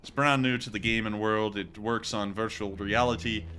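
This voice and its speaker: A man's voice: lowish voice, steady tone, normal speed, bright, forceful tone, slight background noise. A young man in his twenties hosting a livestream, chatty and jokey, laughing often as he reads through viewer messages. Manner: jokey, laughs often, repeats "oh, man, I'm telling you". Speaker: host. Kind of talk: livestream casual chat.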